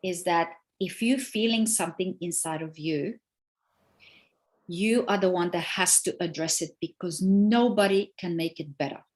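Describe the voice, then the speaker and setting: Woman coach, interview guest, animated and emphatic delivery. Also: on the low side, normal speed. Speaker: relationship coach. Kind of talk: interview conversation.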